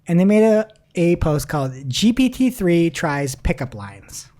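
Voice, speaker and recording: Lady podcast host, kinda low voice but swoops around a lot, laughs a bunch reading stuff out. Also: a little slow. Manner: animated, laughs often, reads quotes aloud. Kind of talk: casual news chat.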